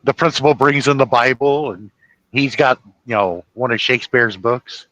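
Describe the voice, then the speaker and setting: A man's voice: mid-range voice, fairly bright tone, no echo, dull audio. A man hosting a casual livestream chat, telling funny stories and breaking into laughter. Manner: laughing storyteller doing quick impressions of characters. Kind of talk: casual chat, retelling movie scenes.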